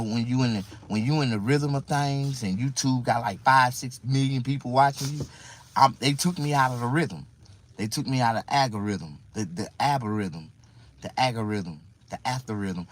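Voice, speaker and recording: A man's voice: medium pitch, low-quality recording. A man talking casually to viewers on a livestream, rambling and repeating himself in mock confusion.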